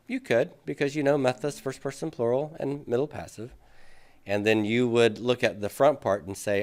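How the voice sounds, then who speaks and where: A man with a fairly low voice gives a Greek grammar lecture at a moderate pace. He patiently goes through examples on the board, questions his students, and thinks out loud with many fillers.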